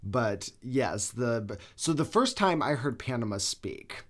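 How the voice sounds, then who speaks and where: A young man co-hosting a podcast, telling a story in casual, animated chat and swearing freely. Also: medium pitch, measured pace. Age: young adult. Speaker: podcast co-host.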